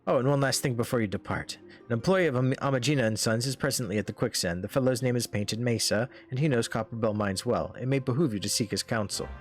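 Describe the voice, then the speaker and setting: A man's voice: medium pitch, fast talker, hardly any pauses, faint music behind, lightly acted. A man voicing a formal, earnest male official, read aloud with old-fashioned phrasing.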